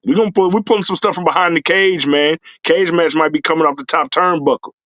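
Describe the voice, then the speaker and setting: A man's voice: a little high, quick pace, fairly bright tone, no room sound, highs cut off. A man who is a regular guest on a sports talk show, talking in a hyped, slangy way.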